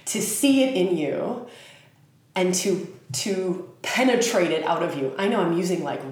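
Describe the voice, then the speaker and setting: A woman speaking slowly and earnestly in a frank spiritual talk, with casual swearing mixed in. Her voice sits at a middle pitch, and a very echoey room rings around every word. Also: animated, a little mellow.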